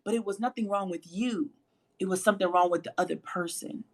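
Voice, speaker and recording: A woman with a low voice hosting a faith-based motivational livestream, emphatic and preachy, repeating phrases for emphasis. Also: brisk. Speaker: host and motivational speaker.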